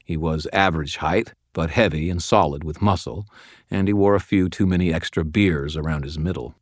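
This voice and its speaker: A man giving scripted first-person audiobook narration in a dry, even storytelling delivery. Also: low-pitched, normal speed, dry recording. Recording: dry close studio mic.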